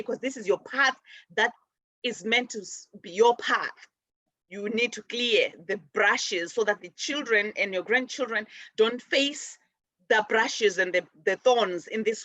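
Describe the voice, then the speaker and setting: Gentle rambling woman, muffled sound. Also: mid-range voice, no echo. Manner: gentle, rambling, many restarts and fillers. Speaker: spiritual show host. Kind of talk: casual spiritual teaching.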